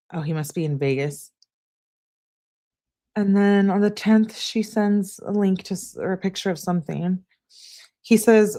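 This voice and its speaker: A woman on a live stream reading text messages aloud in a steady voice, breaking off to answer her chat. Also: medium pitch. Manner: flat reading, asides to chat.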